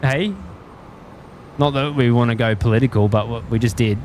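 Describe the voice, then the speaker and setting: A man's voice: mid-range voice, moderate pace, darkish tone. Australian man, casual live-stream host, laid-back, chuckles often, outdoors, faint traffic hum behind. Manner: easygoing, rambling, chuckles often. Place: outdoors at a plane-spotting spot by an airport.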